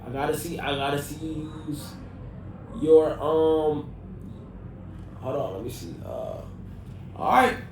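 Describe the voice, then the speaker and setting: A man's voice: on the high side, animated, a little slow, long pauses, a little hiss or hum. A man conducting an interview in a blunt, teasing, curt way. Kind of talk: casual interview. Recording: echoey, distant mic.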